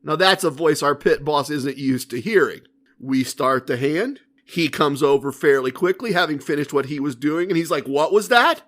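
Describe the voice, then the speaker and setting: High-voiced male podcast host telling stories. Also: moderate pace. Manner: animated, acts out dialogue. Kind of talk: casual storytelling.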